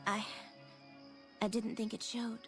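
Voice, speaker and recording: Breathy sultry casino temptress, video game, coos her endearments. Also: fairly high pitch, little pitch movement, fairly bright tone, faint music behind. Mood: vulnerable. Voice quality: breathy, sexy voice. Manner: purring, drawn-out endearments. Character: sultry seductive casino courtesan woman. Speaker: game character.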